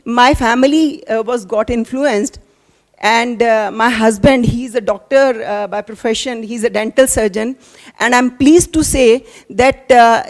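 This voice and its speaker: Here a middle-aged woman with an Indian accent speaks to a gathering, her voice sitting a little high. She talks earnestly and haltingly, often restarting her sentences as she shares her story. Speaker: attendee sharing experience. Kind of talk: emotional testimony.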